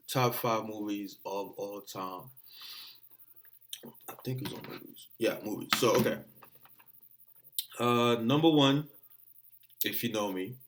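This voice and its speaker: Excitable, profane young man. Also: fairly low pitch. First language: not English. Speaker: vlogger. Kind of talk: casual chat.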